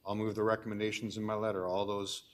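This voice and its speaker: A man with a Canadian accent chairing a council meeting, reading agenda items and motions in a brisk, dry procedural way. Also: on the low side, completely flat delivery. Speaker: committee chair.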